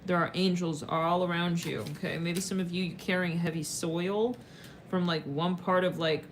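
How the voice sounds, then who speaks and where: A woman talks her way through a tarot reading in a loose, rambling way, full of filler words, slang and casual swearing. Her voice sits fairly low, and a faint background noise runs under it. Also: fairly even intonation, moderate pace. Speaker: tarot reader.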